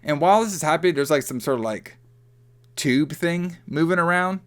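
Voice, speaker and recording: A man's voice: fairly high pitch, a little fast. A man co-hosting a podcast, casually recapping a movie in a loose, rambling way full of fillers. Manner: loose, rambling, heavy on fillers like "like" and "you know". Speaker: podcast co-host.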